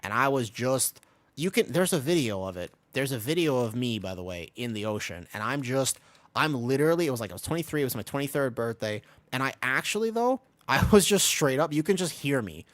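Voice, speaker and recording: A man's voice: mid-range voice, brisk, dry recording. A man in his twenties chatting casually while he plays a game on stream, telling a rambling story between callouts. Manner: rambling storyteller, animated voices when quoting. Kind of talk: casual gaming stream chat.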